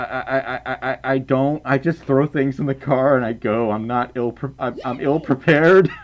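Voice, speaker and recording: A man with a softened Southern US accent, reading donations on a live stream in casual chat, rambling, stammering over repeated words, and laughing often. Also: mid-range voice, muffled recording. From Southern United States.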